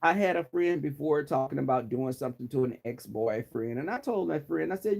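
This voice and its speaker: High, lively, sassy man. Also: a little fast, vocal fry, slightly rough, rough recording. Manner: dramatic, sassy, animated roasting. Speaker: vlogger. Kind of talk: sassy commentary.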